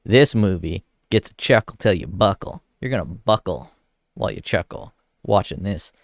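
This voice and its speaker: A man's voice: deep voice, normal speed, creaky, no room sound, clean studio sound. A young man ranking comedies in a casual, profane rant, blunt and crude. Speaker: video host ranking films.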